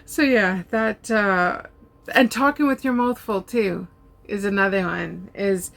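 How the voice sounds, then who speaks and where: An older woman chatting casually at home, relaxed and talkative, with plenty of ums and uhs. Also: medium pitch, slow pace, creaky, pauses often. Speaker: diamond art YouTuber. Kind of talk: casual chat answering tag questions.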